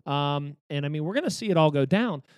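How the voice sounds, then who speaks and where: Animated rambling man with higher voice. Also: fairly quick, smooth, no echo. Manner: animated, rambling, lots of fillers. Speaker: podcast co-host. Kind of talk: casual chat.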